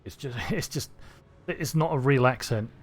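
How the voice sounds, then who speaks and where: A man's voice: medium pitch, moderate pace. A man from Cornwall with a neutral English accent, rambling and thinking aloud through casual gameplay commentary. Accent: neutral southern English. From Cornwall, England. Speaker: streamer.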